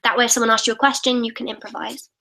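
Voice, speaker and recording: A woman's voice: fairly high pitch, little pitch movement, racing, creaky, pushed and bright, poor audio. A teenage girl in a casual live-stream Q&A, reading out viewers' comments and answering them in a chatty, upbeat way. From United Kingdom. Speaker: YouTuber answering live questions.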